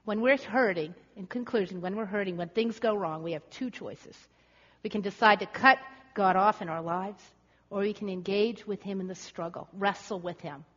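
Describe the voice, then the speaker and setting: A woman's voice: mid-range voice, moderate pace. A woman preacher giving a dramatic, rhetorical sermon with building emphasis. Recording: echoey hall, slightly dull.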